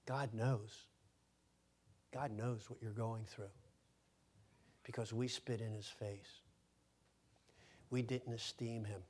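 A man's voice: fairly low pitch, fairly even intonation, slow pace, long pauses, darkish tone, breathy edge. Emphatic male pastor preaching a sermon. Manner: emphatic, repeats words when stressing a point; asks the congregation questions.

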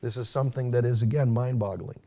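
A male preacher with a mid-range voice delivers a teaching sermon. He talks with restarts and fillers, climbs high and loud when acting out quotes, then sinks to a near murmur for weight. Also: fairly even intonation, fast talker. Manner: emphatic, rising sharply when quoting, dropping low and quiet at key points.

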